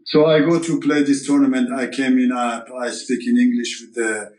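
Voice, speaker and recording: A man recounts his past as an interview guest, pausing often, restarting his sentences and reaching for the right words. His voice sits at an ordinary middle pitch. The recording has a noticeable roomy echo around him. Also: fairly even intonation. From Iran. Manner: halting, searching for words, many fillers and restarts. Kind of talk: storytelling interview.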